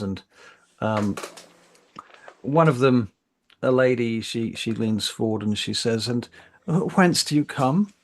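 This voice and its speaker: A man narrating as game master of a tabletop role-playing game, halting often with fillers and restarts. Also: on the low side, a little hiss or hum.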